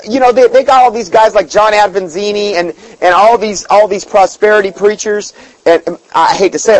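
A man's voice: high voice, no echo, low-quality recording. A man preaching an informal sermon in a folksy, emphatic way, often repeating words and reading scripture aloud.

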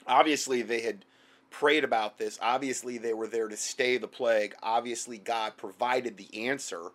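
A man explaining his view in a measured way. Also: medium pitch, fairly even intonation, a bit bright.

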